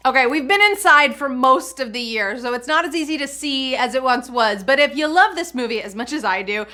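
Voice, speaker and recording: A woman's voice: high-pitched, animated, fairly quick, hardly any pauses, pushed and bright. A woman hosting a live trivia game, chatty and bubbly, laughing often. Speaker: trivia game show host.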